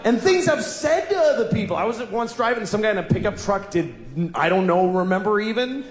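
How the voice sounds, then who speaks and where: Ranting high-voiced male stand-up comedian. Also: expressive, fairly quick. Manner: exasperated self-mocking rant, bursts into yelling. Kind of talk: stand-up routine. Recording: echoey room with loud ambient noise.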